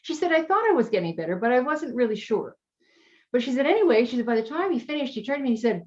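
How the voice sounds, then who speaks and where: Female coach, interview guest; warm storytelling, emotional, slightly dull recording. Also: high-pitched, very animated, quick pace. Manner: chatty, emotional, gets teary. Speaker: health coach.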